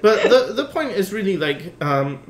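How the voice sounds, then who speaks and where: A slightly higher-voiced man hosts a relaxed podcast chat. He muses out loud, wanders off his point, and fills the gaps with ums and uhs. His voice rings with a noticeable roomy echo. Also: unhurried. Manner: rambling, musing with many fillers. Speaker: podcast host. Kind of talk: casual conversation.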